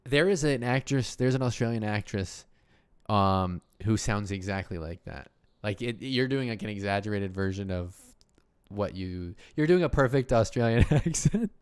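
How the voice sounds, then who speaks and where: A man's voice: on the low side, animated, normal speed, clear, resonant tone, no room sound. Rambling man chatting on a livestream. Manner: rambling, self-interrupting, laughs often. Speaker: host. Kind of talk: casual livestream chat.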